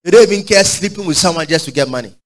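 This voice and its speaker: A man preaching a sermon, fervent and call-and-response, swinging from shouts to quiet asides. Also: sits high, very fast, poor audio.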